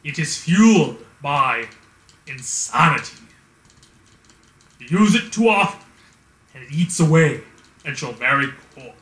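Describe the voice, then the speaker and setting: A stern old master lays down warnings in slow, weighty phrases, as a man puts him on. The tone stays bright and a little high. The room adds a noticeable echo. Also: lively intonation. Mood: grave. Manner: slow, grave pronouncements. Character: stern old male martial arts master.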